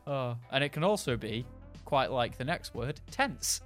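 A man's voice: medium pitch, normal speed, soft background music. A man in a casual, rambling chat about games, hedging often with fillers. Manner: rambling, hesitant, lots of fillers. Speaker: podcast co-host.

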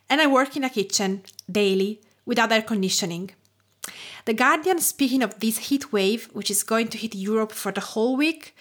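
A woman of around forty from Tuscany, speaking with an Italian accent, narrating her podcast from a script in an expressive way. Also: on the high side. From Tuscany, Italy. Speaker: podcast host and cook.

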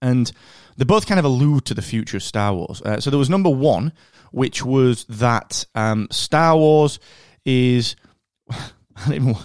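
Animated Northern English male podcast host. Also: mid-range voice, unhurried, clear, resonant tone, no echo, studio quality. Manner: animated, chatty, rambling with fillers. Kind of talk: casual podcast monologue.

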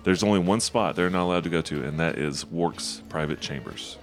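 A man's voice: low-pitched, fairly quick, faint music behind. A man running a tabletop game as game master, narrating in an easygoing way and laughing often. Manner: easygoing, laughs often, voices tavern guards.

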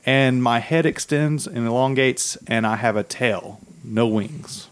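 A man's voice: mid-range voice, unhurried. A man playing a tabletop game, vividly describing his character's actions.

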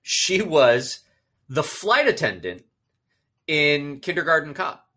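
A man co-hosting a podcast in casual chat, excitable and jumping to high squeals of surprise. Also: slow. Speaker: podcast co-host.

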